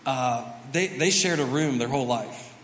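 A man, the pastor, telling a family story during a sermon, animated and self-mocking. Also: medium pitch, normal speed. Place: large church auditorium. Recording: reverberant hall, faint background noise.

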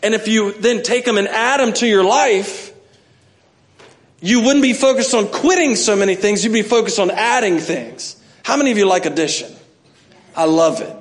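A man's voice: sits high, normal speed. A middle-aged man, preaching a sermon and telling stories with self-mocking humor and acted-out asides. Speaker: pastor.

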